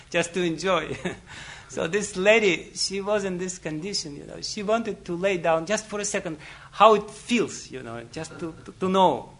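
A man's voice: a little high, fairly bright tone. A man giving a spiritual talk, telling a story and chuckling often, with many "you know"s. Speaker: spiritual teacher. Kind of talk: storytelling lecture.

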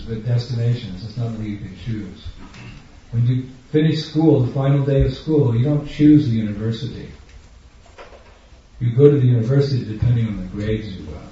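A man's voice: medium pitch, warm tone. A man giving a sermon to an audience, emphatic and questioning, acting out little everyday scenes. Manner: acts out everyday scenes in different voices. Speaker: spiritual teacher. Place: large room with an audience. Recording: dull, echoey hall, far from the mic.

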